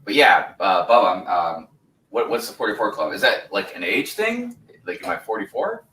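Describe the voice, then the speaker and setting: A man's voice: on the low side, very animated, normal speed, bright, forceful tone, slight background noise. Laid-back man in his forties, roomy and distant. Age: 40s. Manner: rambling, laid-back, laughs easily, reads chat aloud. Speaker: host of a building livestream. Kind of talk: casual livestream chat.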